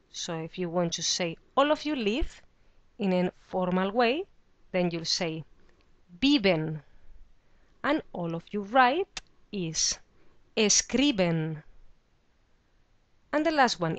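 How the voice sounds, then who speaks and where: A woman teaching a beginner Spanish lesson, explaining verb endings in a scripted way and saying the example words slowly and clearly. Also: medium pitch, dry recording. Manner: clear, slow model pronunciation of example words.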